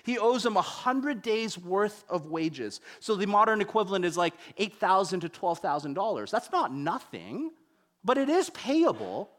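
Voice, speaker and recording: A young man preaching a sermon, telling stories with wide swings between loud and hushed delivery. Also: high voice, big pitch swings, normal speed.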